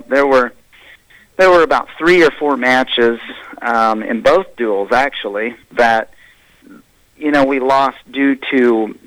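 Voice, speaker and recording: A man's voice: mid-range voice, a bit bright, dry recording, poor audio. Male coach, mid-range voice, frank and plainspoken, dry close recording. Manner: candid, plainspoken self-critique. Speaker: high school wrestling coach. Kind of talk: radio interview.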